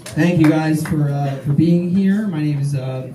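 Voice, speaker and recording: Halting Midwestern comic in an echoey bar. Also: male voice, fairly high pitch. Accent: Midwestern American. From Kansas, American Midwest. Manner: hesitant, halting, deadpan self-deprecating. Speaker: stand-up comedian. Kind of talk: stand-up comedy set. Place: small bar comedy night. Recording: echoey bar room, distant mic, noisy.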